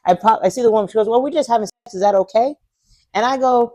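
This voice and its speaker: A man's voice: very high voice, quick pace, no room sound, studio quality. A man co-hosting a podcast, telling a story in casual chat, laughing often and acting out the people in it. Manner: animated, laughs often, acts out voices in stories. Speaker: podcast co-host.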